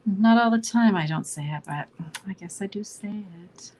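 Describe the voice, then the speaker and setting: A woman's voice: mid-range voice, normal speed, very noisy. A middle-aged Canadian woman chatting through a live card-making demo, narrating each step and often asking "right?". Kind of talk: live online crafting demo.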